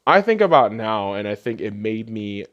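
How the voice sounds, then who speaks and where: A late-twenties podcast host from Las Vegas, USA, speaks at normal speed in a lowish, fairly bright, sing-song voice, with the highs cut off in the audio. Tearing up over a personal memory, he swears a lot and repeats himself in an emotional monologue.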